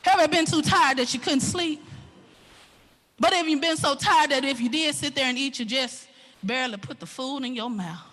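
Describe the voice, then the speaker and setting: A woman with a Southern US accent preaching a sermon in an animated way, swinging from hushed talk to shouting. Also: sits high, moderate pace.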